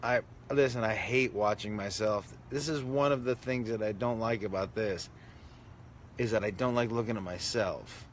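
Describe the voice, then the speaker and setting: A man's voice: lowish voice, normal speed, slight background noise. A man, a comedian, chatting casually on a live stream, reading comments with self-mocking, mock-indignant jokes.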